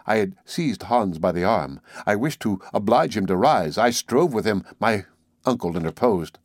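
A man reading a classic novel aloud as audiobook narration, in a measured, even delivery. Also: sits low, no echo, studio quality. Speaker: audiobook reader. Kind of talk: scripted narration.

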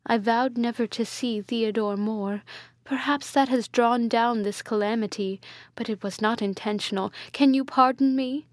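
A woman reading aloud and voicing a dying young princess who speaks softly, faintly and tenderly. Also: fairly high pitch, steady tone, normal speed, dry recording, lightly acted.

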